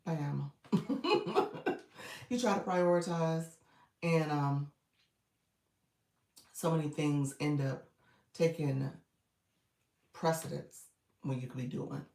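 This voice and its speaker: Woman coach on a livestream, raspy morning voice, encouraging, echoey room, mic kinda far. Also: deep voice, slow pace, pauses often, mellow. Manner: chatty, encouraging, greets viewers by name. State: groggy morning voice. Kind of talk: casual livestream chat with viewers.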